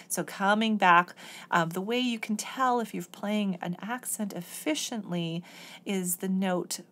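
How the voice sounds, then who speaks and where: A woman's voice: mid-range voice, a little slow, fairly bright tone. A woman oboe professor explaining an etude step by step in a patient, methodical lesson. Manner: patient, methodical, sings rhythms on syllables.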